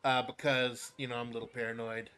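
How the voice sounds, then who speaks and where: A man's voice: medium pitch, level tone, quick pace, sharp tone, clean tone. A man hosting a casual game stream, joking with profanity and stammering repeats as he explains the rules step by step. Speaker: streamer host.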